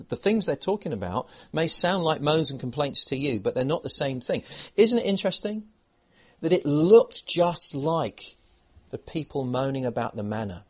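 A man preaching a sermon as a pastor, swinging between loud emphasis and hushed asides. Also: on the high side, breathy edge. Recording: dull lo-fi recording.

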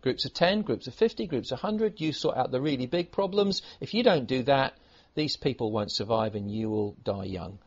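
A preacher doing a blunt husky old adviser. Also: male voice, medium pitch, animated, normal speed. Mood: brusque. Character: blunt older male adviser giving orders. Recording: dull lo-fi recording.

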